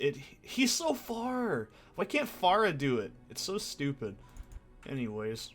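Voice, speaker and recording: A young man ranting and swearing through casual commentary on his gameplay, with sarcastic asides. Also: mid-range voice. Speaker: let's play host.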